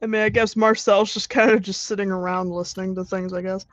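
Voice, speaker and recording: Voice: medium pitch, flat delivery, fairly quick, no echo, muffled recording. A player in a casual tabletop game, laughing, swearing and exasperated.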